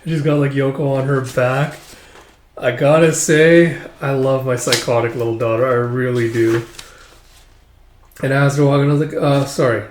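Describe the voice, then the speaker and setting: A man who reads and reviews manga gives a loose, chatty recap full of fillers. His medium-pitched voice stays fairly even at a normal pace, and the recording has roomy echo with a slight hiss or hum.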